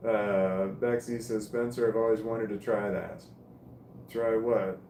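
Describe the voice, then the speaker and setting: A man's voice: lowish voice, steady tone, measured pace, dark tone, echoey room, a little hiss or hum. A man casually reading live stream comments aloud and musing on each one. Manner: reads comments aloud and muses on them.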